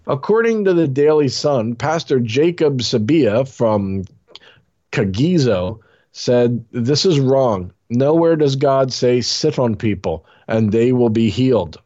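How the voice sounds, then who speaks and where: A man's voice: medium pitch, expressive, slow, dark tone, muffled recording. A man co-hosting a casual comedy podcast, reading a news story aloud with jokes and put-on voices for the quotes.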